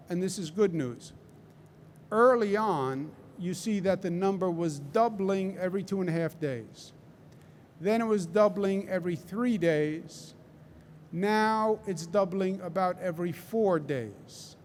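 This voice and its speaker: A man with a Queens New York accent speaks at a public press briefing, his voice sitting high for a man. He talks slowly and deliberately, repeating phrases to drive them home. A faint hiss of noise sits underneath. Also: darkish tone. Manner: emphatic, repeats key phrases for stress. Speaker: governor giving a press briefing. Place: large indoor hall.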